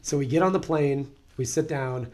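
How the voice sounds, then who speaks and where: A man telling a story in casual chat, profane and animated, acting out other people's voices. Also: mid-range voice, moderate pace.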